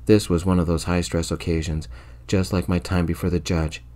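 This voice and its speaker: A man narrating a story in the first person, quietly and evenly, in soft-spoken ASMR storytelling. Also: low-pitched, flat delivery, normal speed.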